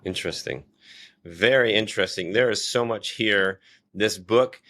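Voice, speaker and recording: A man hosting a podcast interview, asking his questions haltingly and restarting them often. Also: fairly low pitch, pushed and bright. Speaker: podcast host.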